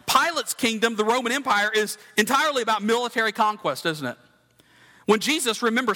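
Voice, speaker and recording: A man preaches a sermon, earnest and conversational, turning to his listeners with direct questions. His voice sits high and bright. It rings out with the long reverb of a large hall. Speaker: pastor.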